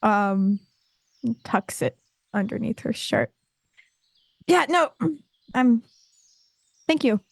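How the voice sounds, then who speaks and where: A woman playing a tabletop role-playing game, speaking quietly and hesitantly with many fillers. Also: fairly high pitch, animated, drawn-out words, creaky, pauses often, no echo. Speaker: player.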